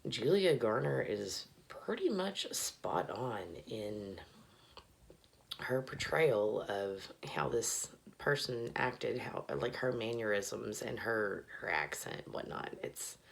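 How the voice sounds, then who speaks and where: A woman's voice: very deep voice, expressive, slow, vocal fry. A tipsy woman rambling casually and profanely in a bathroom, often dropping to a mutter. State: tipsy, slurring a little. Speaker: vlogger.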